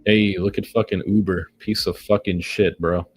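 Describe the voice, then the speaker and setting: A deep-voiced man narrates his own day trading live, cursing at every chart. He talks in a frustrated, profane rant full of sarcastic digs at himself. Soft music plays faintly behind him. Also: fairly even intonation, normal speed. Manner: profane, frustrated ranting at the market; sarcastic self-mockery. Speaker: day trader streaming his trades.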